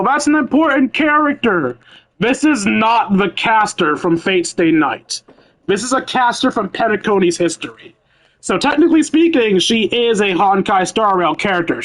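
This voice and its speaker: A man's voice: high-pitched, a bit bright, poor audio. Chatty man streaming a game. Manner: chatty, explaining lore to viewers. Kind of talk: casual game commentary.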